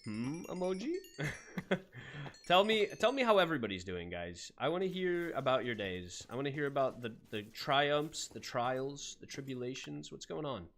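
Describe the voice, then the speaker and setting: Guy streaming a roleplay game, does a put-on accent, chatty, laughs a lot, mid pitch. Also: very animated, normal speed, fairly bright tone. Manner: chatty, laughs often, greets viewers by name; puts on an accent for his character. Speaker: streamer playing a roleplay character. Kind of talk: live gaming stream chat in character.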